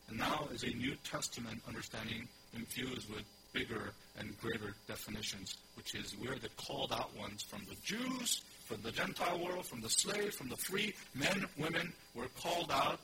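A man preaches a teaching sermon in a middle-pitched voice, stressing and repeating key phrases and asking his congregation questions. The recording carries steady background noise and a low hum. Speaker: pastor.

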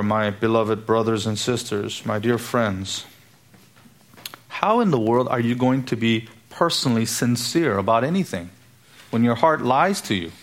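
A man preaching a sermon to his church, emphatic and full of rhetorical questions. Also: medium pitch. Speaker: pastor.

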